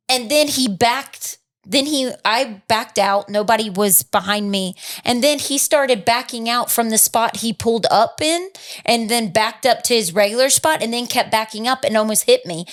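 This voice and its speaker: A woman in her thirties with a Chicago-area American accent, co-hosting a podcast and telling a story in a lively, casual way that acts out every quote. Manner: animated, acts out quotes with big pitch jumps, laughs while telling. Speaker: podcast co-host.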